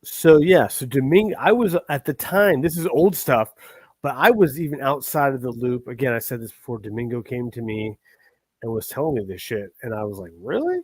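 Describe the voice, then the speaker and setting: A man's voice: medium pitch, a little fast, husky, dry recording. A man hosting a livestream, ranting in a heated, profane and rambling way. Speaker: livestream host.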